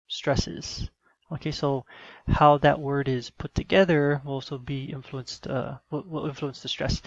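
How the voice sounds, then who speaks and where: Man, teacher, gravelly, dry dull lo-fi audio, screen-recorded lesson. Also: fairly high pitch, no echo. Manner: instructional, with fillers.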